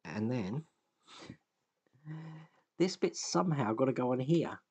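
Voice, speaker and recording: A scale model builder hosts casual build commentary, thinking aloud over a fiddly build with self-deprecating remarks, sighs and chuckles. He speaks slowly in a medium-pitched, sing-song voice that is mellow and slightly rough.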